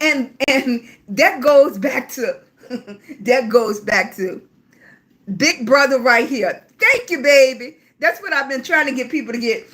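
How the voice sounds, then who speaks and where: A high, bright-voiced middle-aged woman chats through a casual livestream. She talks freely and affectionately to her viewers, calling them baby, with an occasional cough breaking in. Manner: talkative, warm-hearted, calls viewers baby. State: coughing at times. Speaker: livestream host.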